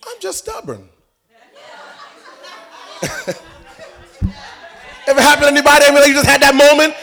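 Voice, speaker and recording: A man preaching a sermon in an animated way, telling stories with playful asides and building up to shouting. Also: very high-pitched, fast talker, creaky.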